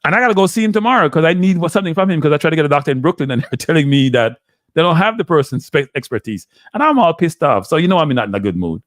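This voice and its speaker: A man's voice: fairly high pitch, lively intonation, rapid-fire, no room sound. A man with a Jamaican accent hosting a live stream, talking casually to his chat in a rambling, exasperated way and slipping into patois. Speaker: live show host.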